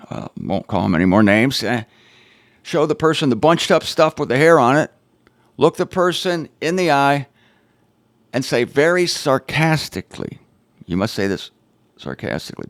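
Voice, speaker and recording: A man's voice: fairly high pitch, no echo, studio quality. A man hosting his own show, teaching on the Bible in an informal, emphatic way with wry, sarcastic asides.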